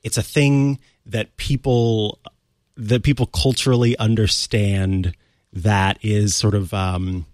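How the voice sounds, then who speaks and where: A young man co-hosting a casual tech talk show, friendly and quick to laugh as he explains messaging apps. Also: lowish voice, flat delivery, a little mellow, no room sound, clean studio sound. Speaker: podcast co-host.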